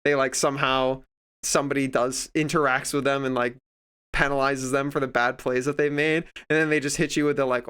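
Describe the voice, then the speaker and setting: A man's voice: mid-range voice, fairly even intonation, quick pace, a bit bright, smooth. A man streaming casual chat, rambling in a profane way and acting out other people in quoted voices.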